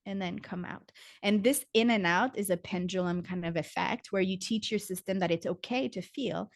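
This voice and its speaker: Calm woman explaining, dry sound. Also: medium pitch, moderate pace, gravelly, no echo. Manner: calm, teaching, uses "like" often. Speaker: yoga teacher and somatic coach, podcast guest. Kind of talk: casual explanatory interview talk.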